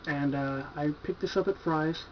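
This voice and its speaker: A man with a fairly high voice talks through his horror movie shelf in a loose, rambling way, cursing cheerfully as he goes. The sound is dull and lo-fi, like an old home video, with a faint hiss underneath. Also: moderate pace. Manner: laid-back, profane, enthusiastic, filler-heavy. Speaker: horror movie collector reviewing his purchases. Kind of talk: casual video review.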